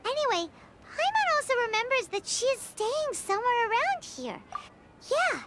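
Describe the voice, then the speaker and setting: Paimon, squeaky excitable sprite. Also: female voice, moderate pace, very noisy. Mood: thoughtful. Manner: chatty, animated, refers to herself by name. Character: tiny chatty floating companion sprite, excitable. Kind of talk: video game dialogue. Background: game music.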